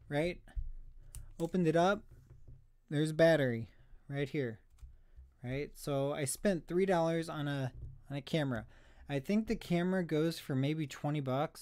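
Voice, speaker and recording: A man rambles on a live stream about his thrift finds, self-deprecating and slightly out of breath. His voice is on the high side, darkish, clear and resonant, captured in clean studio sound with no room sound.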